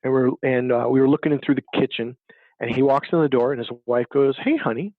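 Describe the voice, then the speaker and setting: A man's voice: medium pitch, flat delivery, fast talker, no echo, phone-quality sound. A man, a dating coach, telling stories in an interview and acting out the voices of people in them. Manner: acts out voices in his stories, emphatic. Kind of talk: animated storytelling interview.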